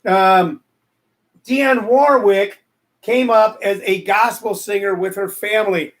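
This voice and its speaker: A man's voice: high voice, steady tone, slow. A man hosting a casual live show, joking and rambling as he answers commenters from the chat. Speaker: show host.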